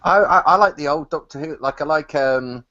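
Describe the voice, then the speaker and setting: A man's voice: fairly high pitch, moderate pace, pushed and bright. Chat guest, rambly man, dull lo-fi online call. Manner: repeats words, rambling. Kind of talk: casual group chat.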